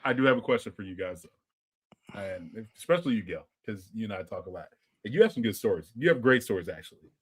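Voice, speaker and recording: A man's voice: fairly low pitch, fast talker, slightly rough, no room sound. A man hosting a casual podcast, playful and asking his co-hosts questions. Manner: lively, playful, asks questions.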